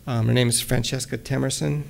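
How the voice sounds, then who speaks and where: A man giving a relaxed lecture at a college, hesitating often with ums and restarts and reading his own poems aloud. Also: medium pitch, a little fast, gravelly. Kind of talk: casual lecture with poem readings.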